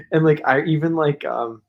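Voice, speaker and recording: A man's voice: a little high, unhurried, vocal fry, narrow, tinny audio. Rambly man telling a story on a podcast. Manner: rambling, heavy use of "like", laughs while telling. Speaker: podcast co-host. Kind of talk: casual storytelling chat.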